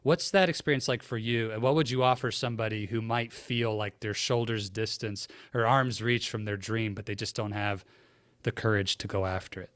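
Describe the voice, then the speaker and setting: A man's voice: fairly low pitch, steady tone, moderate pace, fairly bright tone, smooth, no room sound. A man hosting an interview podcast, asking earnest, reflective questions. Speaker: podcast host. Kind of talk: interview conversation.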